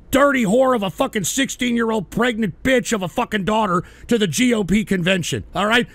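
Shouting at moments, an agitated male host reads his chat and unloads an angry, profane political rant full of stumbling restarts. He has a high voice with vocal fry and a slightly bright quality, recorded with no echo.

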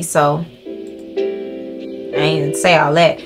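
A young woman doing profane, excitable let's play commentary, talking to her viewers as she plays. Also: on the low side, very slow, long pauses. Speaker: gaming creator. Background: game music.

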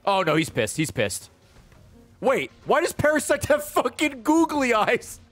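A male streamer in excitable, profane gaming commentary who laughs often. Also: very high-pitched, a little slow, faint music behind.

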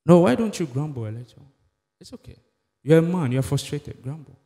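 A man acting out the devil as a sly, coaxing tempter, speaking low and soft. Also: big pitch swings, fairly quick, long reverb tail. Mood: wheedling. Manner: low, soft, persuasive wheedling.

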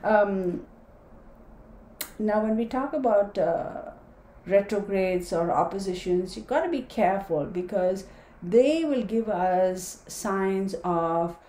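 A woman's voice: medium pitch, takes it slowly, warm tone, reverberant. A woman giving a casual tarot and astrology talk, reading dates aloud and chatting with viewers. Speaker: tarot reader.

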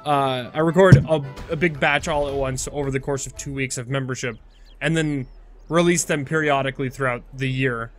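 A man's voice: medium pitch, fairly even intonation, normal speed, faint music behind. A man casually commenting on his own gameplay, rambling, chatty and full of fillers as he corrects himself. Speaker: video game let's-play host.

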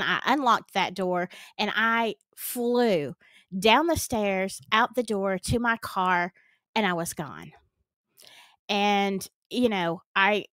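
A woman's voice: medium pitch, fairly bright tone, dry recording. Earnest Southern woman telling a story. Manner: earnest, dramatic retelling with nervous laughs. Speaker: storytime vlogger. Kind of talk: casual personal storytelling.

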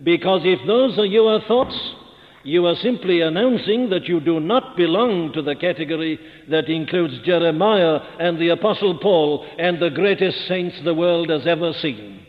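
An older male preacher delivers a sermon, pressing his listeners with rhetorical questions and rising to fervent emphasis. His voice sits slightly high for a man. The old archival tape sounds thin and phone-like, and a long reverb trails each phrase through a large hall. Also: expressive, normal speed. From Wales.

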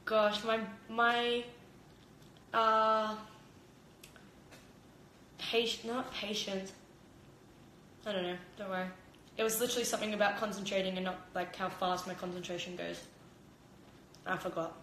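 Chatting casually into her phone camera in her kitchen, a young Australian fighter streams live, rambling and giggly with heavy use of "like." She speaks at medium pitch in a steady, fairly bright tone at a measured pace with long pauses. The recording carries roomy kitchen echo and a little hiss or hum.

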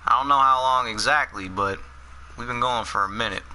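A young man casually commenting on a fighting game as he streams it, excitable and quick to swear and laugh. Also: mid-range voice, a little hiss or hum. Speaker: gaming streamer.

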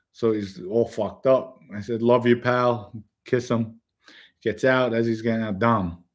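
A man tells stories in a loose, casual chat. He speaks bluntly, swears freely and laughs at his own jokes, his voice sitting in a plain middle pitch. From the Bronx, New York. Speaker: podcast host telling stories.

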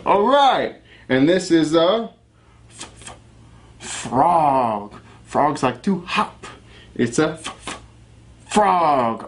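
A young man teaching a children's alphabet lesson, encouraging and sounding out each letter slowly. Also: fairly high pitch. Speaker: phonics teacher.

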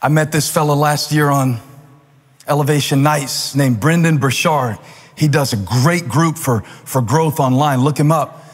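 Man, pastor, fervent sermon, high voice, husky edge, long hall reverb. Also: unhurried. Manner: fervent preaching that builds to shouted, repeated refrains. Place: large church auditorium.

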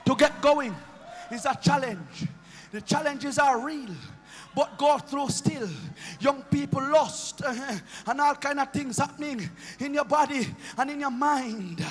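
A Jamaican bishop preaching a sermon in a church, his impassioned delivery rising into chanted shouts. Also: very high voice, unhurried, in a large hall. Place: church sanctuary.

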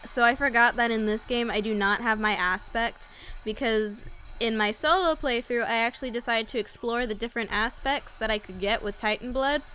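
A woman gives loose gameplay commentary in a bright, ringing voice set a little high. She talks slowly and playfully, swearing freely and speaking straight to her viewers. Soft music runs quietly behind her. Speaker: let's play host.

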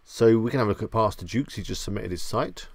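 Gravelly-voiced man hosting a stream. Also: fairly low pitch, quick pace, no echo. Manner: chatty, greets viewers by name, self-deprecating. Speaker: live stream host. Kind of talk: casual live stream chat.

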